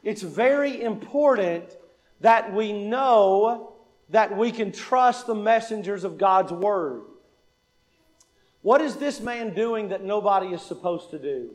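High-voiced man preaching a sermon. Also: animated, takes it slowly, darkish tone. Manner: asks the congregation questions and answers them; repeats lines for emphasis.

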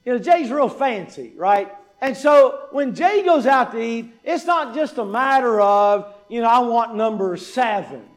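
A man's voice: very high voice, animated, a little slow, few pauses. A male pastor preaching a sermon in a church, emphatic, asking rhetorical questions and repeating key points.

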